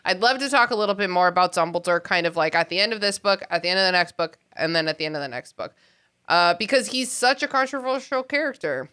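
A woman's voice: on the low side, expressive, fast, sharp tone. A woman hosting a casual podcast, talking animatedly and with exasperation, laughing often. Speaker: podcast host.

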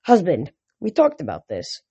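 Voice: mid-range voice, sing-song, normal speed. Reader playing a dramatic goddess queen. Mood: chiding. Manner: sighing and theatrical.

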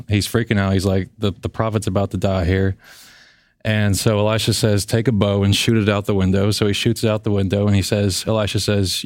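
A man with a fairly low voice takes part in a Bible study discussion. He speaks in a measured way, retelling and reading scripture passages. The recording is dry and close. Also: no echo.

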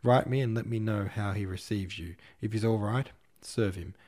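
A man voicing a gruff, irascible old prince who talks brusquely and quickly, barking his words. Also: fairly low pitch, a little mellow, lightly acted.

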